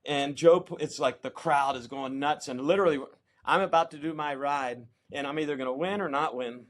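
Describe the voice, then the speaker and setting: Middle-aged American man, casual interview guest, slightly high voice, lively storyteller who acts out the people he quotes. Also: a little fast. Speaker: interview guest, champion kayaker.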